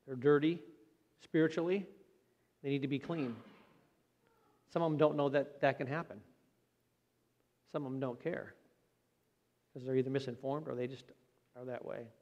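A man's voice: medium pitch, fairly even intonation, darkish tone, highs cut off. Man preaching in a reverberant church. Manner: earnest, plain-spoken, slows for emphasis. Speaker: pastor. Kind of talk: sermon. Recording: long hall reverb.

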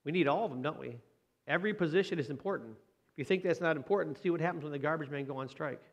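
A man's voice: a little high, fast, muffled recording. A man giving a conversational sermon as pastor, often asking the congregation questions.

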